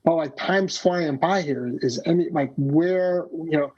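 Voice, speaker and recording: Husky, rambling man on a podcast. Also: a little high, unhurried, darkish tone. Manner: rambling, many fillers and restarts. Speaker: storyteller and comedian, podcast guest. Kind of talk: casual conversational interview. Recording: dull lo-fi podcast audio.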